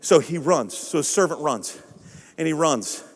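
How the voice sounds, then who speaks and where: A male pastor preaching a sermon in a church, impassioned and building up to shouts. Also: a little high, expressive, a little slow, long reverb tail. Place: church sanctuary.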